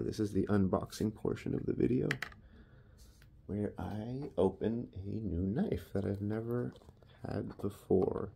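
A man's voice: fairly low pitch, gravelly, dark tone, slight background noise. A man casually reviewing his knives in a laid-back, rambling, self-deprecating way. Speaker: knife reviewer.

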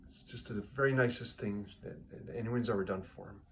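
A man's voice: fairly low pitch, brisk, a bit bright, slight background noise. A man casually telling his weekly joke, rambling with many restarts and repeated words. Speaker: joke teller, host of a weekly joke.

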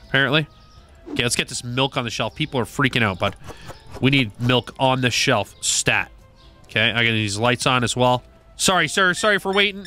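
A man's voice: medium pitch, pushed and bright. Chatty man playing a cheery shopkeeper. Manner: chatty, greets imaginary customers in a cheery shopkeeper voice. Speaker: gaming YouTuber. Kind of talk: playful let's-play commentary.

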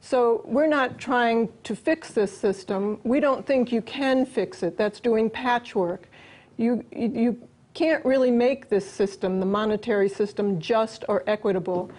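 A woman's voice: on the high side, measured pace, a little mellow. A woman answering as an interview guest, earnest and explanatory.

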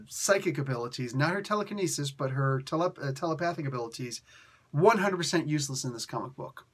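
A man with a husky, somewhat raised voice talks through a comic book review. He rambles and restarts his sentences, and his delivery stays lively and chatty the whole way. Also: on the high side. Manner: animated, rambling, frequent fillers and restarts. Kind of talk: casual video review.

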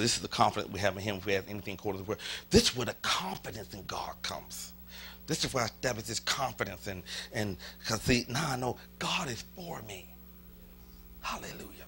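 Male pastor, Southern accent, bright ringing tone, expressive swoops, leads call and response from the pulpit. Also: on the low side, normal speed, pauses often, a little hiss or hum. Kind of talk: sermon. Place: church sanctuary.

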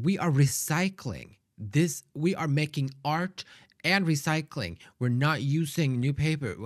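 A man hosting a reaction video, talking back to the screen in a sassy, animated way. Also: mid-range voice, no echo, studio quality. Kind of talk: casual reaction commentary.

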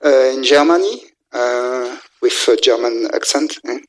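A man giving a technical engineering lecture, speaking haltingly with many filler sounds and restarts. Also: fairly high pitch, poor audio. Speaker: university lecturer in electrical engineering.

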